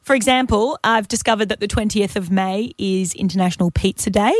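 A woman co-hosting a radio show with an Australian accent, chatty and quick to laugh. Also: mid-range voice, steady tone, no echo. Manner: giggly, chatty. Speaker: radio co-host. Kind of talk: casual radio banter.

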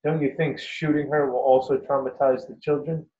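A man's voice: mid-range voice, little pitch movement, moderate pace, mellow, voice pushed up, natural voice. A man doing an indignant angry woman. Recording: dull roomy recording.

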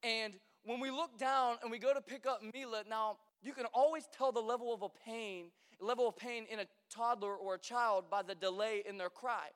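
A man's voice: very high-pitched, steady tone, normal speed, hardly any pauses, fairly bright tone, smooth. A young man who is a pastor, giving a conversational sermon as a chatty, joking storyteller with lots of fillers, in a large church hall. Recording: long hall reverb.

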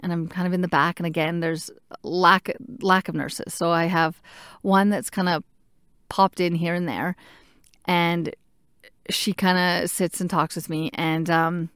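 A woman casually telling a personal story in an animated way, acting out what people said to her. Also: lowish voice, a little slow, smooth, dry recording, studio quality. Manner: animated, acts out what others said. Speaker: patient recounting a procedure.

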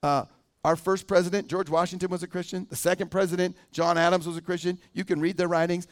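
A man with a high voice delivers a sermon to his church. He preaches casually, stopping often to ask the people in the pews questions. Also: flat delivery, fast talker. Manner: conversational, asks the congregation questions. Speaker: pastor.

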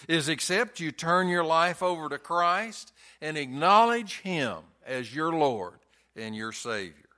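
A man's voice: fairly high pitch, pushed and bright. A man preaching a sermon in a folksy storytelling way, hammering points home with emphatic repetition.

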